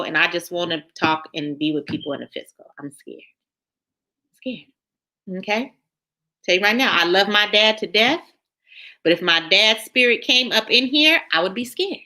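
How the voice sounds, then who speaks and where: On her casual livestream, a woman reads her viewers' messages aloud, chatting energetically and saying things again and again. Her pitch is medium.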